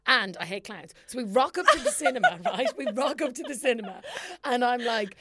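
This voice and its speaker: Lively Irish woman telling a story. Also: a little high, a little fast, slightly rough, no room sound. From Ireland. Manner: animated storyteller, acts out quoted dialogue. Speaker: podcast co-host. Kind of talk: casual chat.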